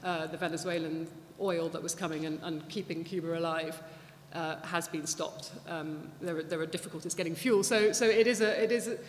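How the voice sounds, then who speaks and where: A woman giving an anecdotal talk to an audience, chatty and animated, often restarting her sentences. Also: on the low side, fairly quick. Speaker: guest speaker at a public talk. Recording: echoey hall, faint background noise.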